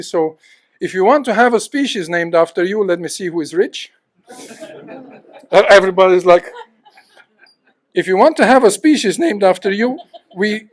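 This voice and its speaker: A man giving a lively, joking presentation to a live audience, telling travel stories and talking straight to the room. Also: high voice. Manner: lively, jokey, addresses the audience directly. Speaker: guest presenter at a fish club. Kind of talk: animated storytelling talk to a live audience. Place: club meeting room with audience.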